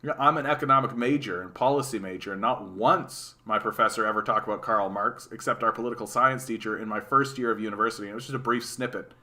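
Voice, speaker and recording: Bright-voiced Canadian man ranting. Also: fairly low pitch, fast, hardly any pauses. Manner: animated, sarcastic, repeats words and restarts. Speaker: political streamer. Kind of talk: casual live-stream commentary reading chat.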